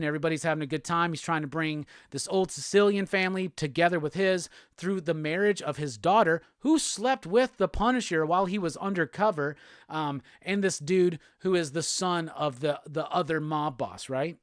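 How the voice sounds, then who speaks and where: Excitable, profane man recapping comics. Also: a little high, fairly quick, smooth, no echo, studio quality. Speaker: podcast host. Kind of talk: casual comic book recap.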